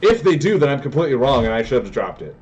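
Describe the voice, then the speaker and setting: A man commentating his own card game live, excitable and prone to yelling and tangents. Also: medium pitch, fast, muffled recording, soft background music. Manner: excitable, yells in bursts, goes on tangents.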